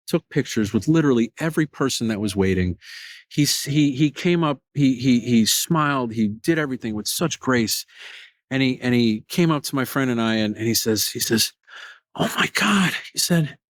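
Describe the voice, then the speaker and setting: A man hosting his own podcast, telling stories in an animated way, often restarting his sentences. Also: a little high, no room sound. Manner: animated, repetitive restarts, excited storytelling. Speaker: podcast host. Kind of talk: solo podcast storytelling.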